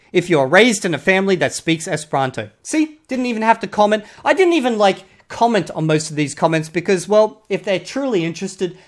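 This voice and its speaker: A young adult with an Australian accent giving casual, blunt commentary on online comments. The speaker swears freely and keeps tacking on a prodding "okay?". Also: medium pitch. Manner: blunt and profane, repeatedly drops a prodding "okay?". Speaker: YouTuber critiquing online comments.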